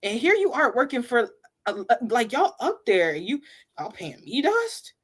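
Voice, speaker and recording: A woman chatting casually as co-host, telling an animated story with lots of "like" and frequent laughter. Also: on the high side, a little slow, husky. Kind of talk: casual fan chat.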